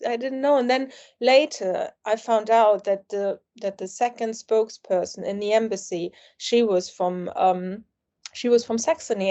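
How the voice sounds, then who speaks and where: German-accented woman in her forties, mellow tone. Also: medium pitch. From East Germany. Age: 40s. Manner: lively storytelling with frequent restarts and acted quotes. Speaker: guest, journalist. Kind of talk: casual interview conversation. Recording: slightly lo-fi podcast audio.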